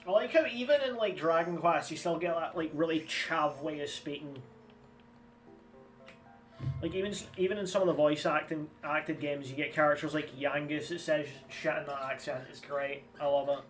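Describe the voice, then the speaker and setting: A man in his twenties chats his way through a game stream, rambling and swearing casually. His voice sits a little high. The mic is a little distant and game music plays softly behind him. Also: normal speed. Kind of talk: casual gameplay commentary.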